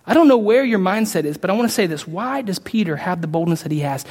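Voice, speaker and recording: A man preaching a sermon as pastor, talking casually to his congregation and building to loud, emphatic peaks. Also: sits high, expressive, fast. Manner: conversational asides to the congregation. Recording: long reverb of a large hall.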